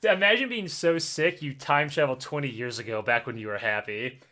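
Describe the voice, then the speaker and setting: A man in his thirties telling a long story in casual podcast chat, swearing and laughing as he goes, his voice still hoarse and cracking. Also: mid-range voice, normal speed, sharp tone. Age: 30s. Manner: rambling storyteller, laughs often, swears freely. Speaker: podcast co-host.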